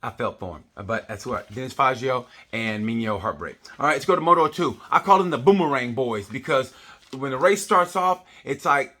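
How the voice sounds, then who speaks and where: A middle-aged man rambling through a comedic race review. He is blunt and profane, with a bright, forward tone. His voice sits at an everyday middle pitch. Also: expressive, moderate pace. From United States. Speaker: motorsport vlogger.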